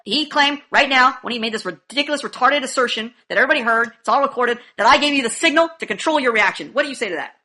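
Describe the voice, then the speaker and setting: A woman's voice: high-pitched, fast talker, hardly any pauses, sharp tone. A woman hosting a heated online debate, brash, profane and mocking. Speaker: debate show host. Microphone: video call.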